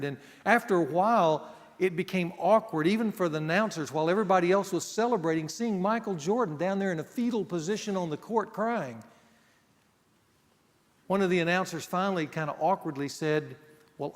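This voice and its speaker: Earnest guy preaching to a men's group, kinda high voice, long hall echo. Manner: earnest, drops to a hushed voice for emphasis. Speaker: men's ministry teacher. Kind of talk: sermon.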